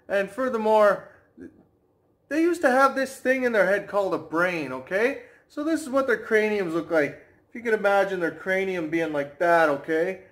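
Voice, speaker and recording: A man ranting to camera as a fitness vlogger, brash and mocking, slowing right down to stress his points. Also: sits high, fairly bright tone. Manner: brash, mocking, slows down for emphasis.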